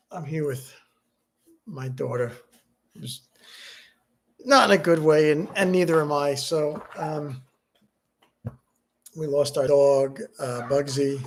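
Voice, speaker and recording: A middle-aged man, grieving and subdued, talking haltingly in a personal vlog, with many restarts and fillers. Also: fairly high pitch. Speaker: vlogger.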